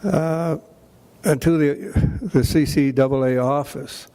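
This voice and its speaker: An older Canadian man with a Canadian accent, giving an emotional, halting acceptance speech at a hall of fame ceremony, full of restarts. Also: fairly high pitch, steady tone, warm tone. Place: banquet hall.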